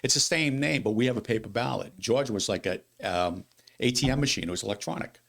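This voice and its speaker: A man who runs a city's elections, explaining voting rules in a casual studio interview, talking quickly and with animation, repeating himself when exasperated. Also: mid-range voice, creaky, fairly bright tone. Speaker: city elections director. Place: local TV studio.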